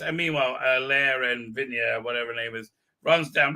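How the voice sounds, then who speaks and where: A man's voice: medium pitch, a little fast, bright, forceful tone. A man hosting a livestream, giving rambling, exasperated, crude fan commentary full of fillers. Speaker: livestream host.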